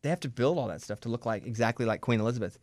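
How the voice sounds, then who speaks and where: A man's voice: mid-range voice, darkish tone, no echo. A man from Arkansas hosting a radio show, chatting casually and steering the talk in a studio. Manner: chatty, quick, steering the conversation. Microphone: studio microphone.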